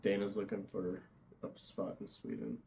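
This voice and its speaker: A man's voice: fairly low pitch, level tone, moderate pace, noisy background. A young man hosting a casual interview, easygoing and chatty, laughing often. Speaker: podcast host and tattoo artist.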